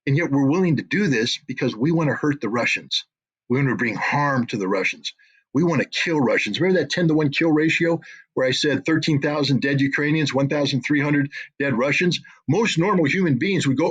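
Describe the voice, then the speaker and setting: A man's voice: medium pitch, lively intonation, brisk, fairly bright tone, slightly rough, poor audio. A man speaking as an interview guest, emotional and indignant, repeating phrases for emphasis. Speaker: guest commentator. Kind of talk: impassioned interview talk.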